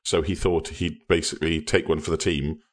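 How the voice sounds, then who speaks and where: A man guesting on a podcast, chatty and quick to joke. His voice is low and full. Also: steady tone. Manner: joking, chatty. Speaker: guest co-host. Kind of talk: casual chat.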